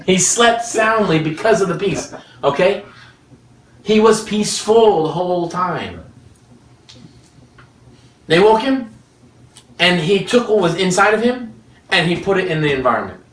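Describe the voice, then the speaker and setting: A man preaching a sermon in an animated, joking way, laughing often as he teaches. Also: high-pitched, measured pace, long pauses. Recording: echoey room, mic at a distance.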